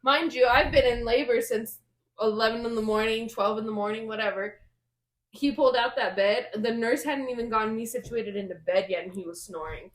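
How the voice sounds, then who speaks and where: A woman's voice: a little high, brisk. A young woman co-hosting a casual podcast chat, telling stories animatedly and saying "like" a lot, a little sniffly from a cold. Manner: animated storyteller, heavy use of "like". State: getting over a cold, sniffly. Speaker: podcast co-host.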